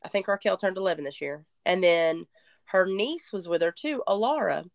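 Animated woman telling a story. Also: lowish voice, normal speed, vocal fry, no room sound. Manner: animated storyteller, drawling, self-mocking. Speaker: podcast co-host. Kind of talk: casual chat.

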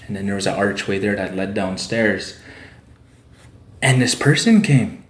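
A man's voice: fairly low pitch, a little slow. A man from Saskatchewan, telling a story as a podcast guest in a loose, rambling way and tagging his sentences with "eh" and "like". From Saskatchewan, Canada. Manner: rambling, tag "eh" and "like" fillers. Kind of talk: casual storytelling. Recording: roomy echo.

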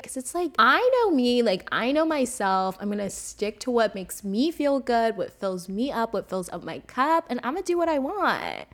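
A young woman hosting her own podcast, talking alone in a chatty, animated way and saying "like" a lot. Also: fairly high pitch, moderate pace, hardly any pauses. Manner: chatty, animated, heavy use of "like". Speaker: podcast host. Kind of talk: casual solo podcast monologue.

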